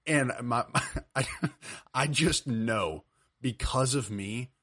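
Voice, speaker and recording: A man in his twenties, co-hosting a podcast over a video call, telling an animated story and laughing often. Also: mid-range voice, slow pace. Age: 20s. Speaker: podcast co-host. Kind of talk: casual storytelling chat.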